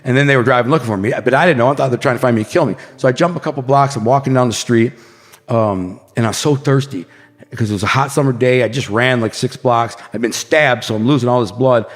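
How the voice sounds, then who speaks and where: A man from the Detroit area, a podcast guest, telling an intense story in a fast, casual way, often saying bro and man. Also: mid-range voice, big-room sound. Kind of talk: animated storytelling.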